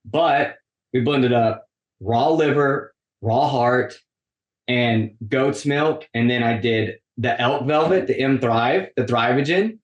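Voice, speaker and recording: A man in casual podcast chat, pitched in the middle for his sex, who tells a long story and acts out the lines of the people in it. He says "like" constantly. The room gives his voice a roomy echo. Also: slow pace, dull audio. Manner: animated storytelling, acts out quoted dialogue, frequent "like". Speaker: podcast guest.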